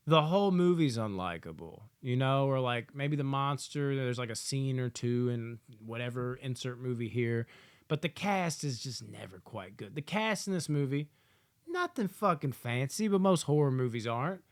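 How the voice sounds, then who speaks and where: A man giving a casual movie review, swearing often and acting out characters in loud, yelling asides. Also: mid-range voice, lively intonation, moderate pace, clean tone.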